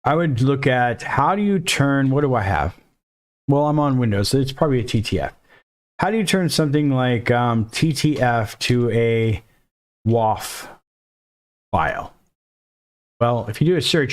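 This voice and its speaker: A man's voice: medium pitch, animated, normal speed. A man teaching a casual screen-recorded coding lesson, thinking aloud and dropping jokey, self-deprecating asides as he works. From Mexico. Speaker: coding instructor.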